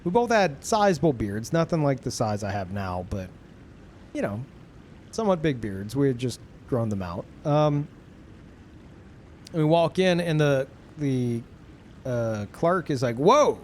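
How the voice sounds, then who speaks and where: A man's voice: mid-range voice, sing-song, unhurried, long pauses, a little mellow, a little hiss or hum. A young man streaming a game, chatting casually with viewers in a laid-back, profane, rambling way. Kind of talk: casual chat with stream viewers while gaming.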